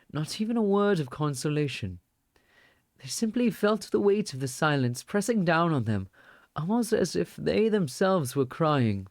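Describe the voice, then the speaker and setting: A man's voice: on the high side, darkish tone, no room sound, studio quality. A male streamer reading a visual novel aloud, mixing storytelling narration with casual asides.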